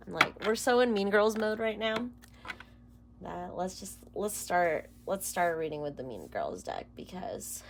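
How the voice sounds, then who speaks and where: A woman's voice: lowish voice, lively intonation, unhurried, fairly bright tone, a little hiss or hum. A woman doing a casual tarot reading to camera, emotional and close to tears, rambling and dropping into whispers. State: near tears. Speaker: tarot reader.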